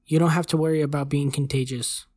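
A narrator voicing a male government agent who speaks in a calm, matter-of-fact way. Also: a little high, fast, close to an everyday voice.

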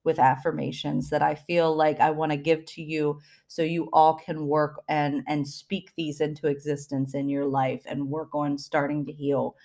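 A woman hosting a spiritual self-help podcast, talking earnestly with many fillers and restarts, and reading out affirmations slowly and deliberately. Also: sits low, flat delivery, dark tone. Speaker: podcast host.

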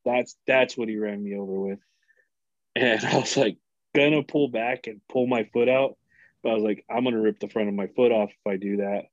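A man in his thirties, a podcast guest, telling a story in a casual, profane and animated way. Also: lowish voice, moderate pace, no echo, dull audio. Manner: animated, profane, acts out quoted voices.

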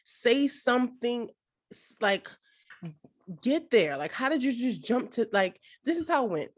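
A woman's voice: fairly high pitch, sing-song, measured pace, slightly rough. A young woman co-hosting a podcast in casual chat, blunt and emphatic, swearing freely. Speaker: podcast co-host.

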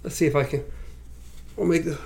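A man co-hosting a podcast in casual review chat, animated and self-mocking. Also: on the high side, a little fast, vocal fry. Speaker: podcast co-host.

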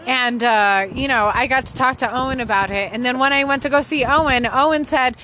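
A woman's voice: sits high, a little fast, sharp tone. A woman telling a story emphatically with lots of fillers, chatting with friends on an outdoor patio. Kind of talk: casual chat.

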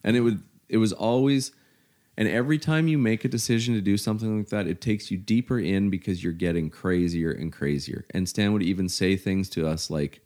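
A middle-aged man from Canada, telling his story in casual, halting conversation, full of "you know" fillers. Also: low-pitched, a little mellow.

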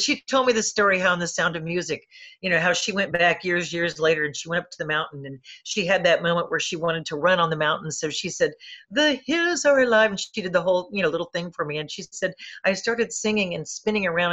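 A woman's voice: fairly low pitch, fast talker, pushed and bright, highs cut off. A woman film critic telling chatty anecdotes about stars in an interview, with many restarts. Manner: chatty, lots of fillers and restarts.

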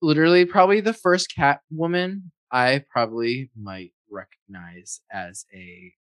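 A man's voice: medium pitch, measured pace, no echo. Chatty man full of "like". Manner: filler-heavy, says "like" a lot. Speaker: podcast co-host. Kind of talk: casual chat.

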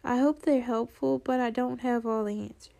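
Nasal, gravelly-voiced woman podcaster. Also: a little high, steady tone, moderate pace. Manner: gentle, earnest, reflective. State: nasal from allergies. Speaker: podcast host. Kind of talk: reflective solo podcast talk.

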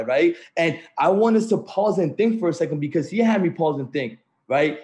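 A man's voice: on the high side, expressive, moderate pace, few pauses, a little mellow. A man hosting a morning group call, giving an upbeat motivational talk over a video call, repeating phrases and checking in with the audience. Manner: upbeat, repetitive, keeps saying "right?" and "family".

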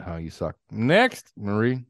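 Podcast host, man, ribbing his co-hosts, lively swooping pitch. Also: no echo, clean studio sound. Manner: teasing, profane, quick to laugh. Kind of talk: casual podcast banter.

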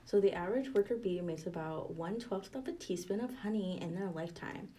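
A young woman co-hosting a podcast in casual chat, talking softly and half-whispering in a library, with frequent giggles. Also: mid-range voice, a little fast. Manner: hushed, near-whispering, giggly. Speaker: podcast co-host.

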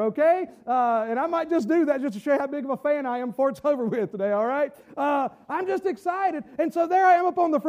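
Pastor guy, 40s, real high voice, fired up, lots of restarts and shouting. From Southern United States. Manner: fervent, halting restarts, bursts of shouting. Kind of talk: sermon.

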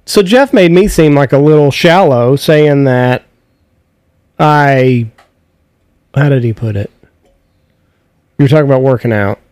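A man's voice: mid-range voice, unhurried, pauses often, a little mellow, smooth, no room sound. A man hosting a podcast, dropping dry, teasing quips into casual chat with his wife. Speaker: podcast host.

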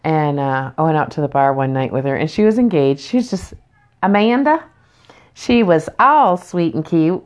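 A woman's voice: sits low, lively intonation, normal speed. A woman co-hosting a casual podcast, telling an anecdote in a wry, laid-back way. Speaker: podcast co-host. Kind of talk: casual chat.

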